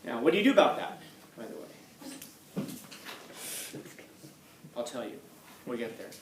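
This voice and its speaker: A man's voice: mid-range voice, big pitch swings, measured pace. A man teaching a class in a casual, conversational way, repeating key points for emphasis, recorded in an echoey classroom from some distance. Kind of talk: classroom lecture. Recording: echoey room, far from mic, faint noise.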